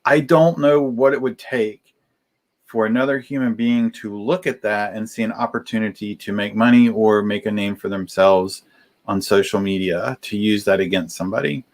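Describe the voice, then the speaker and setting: A man co-hosting a casual podcast chat, speaking haltingly with many restarts as he tries to stay calm. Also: fairly low pitch.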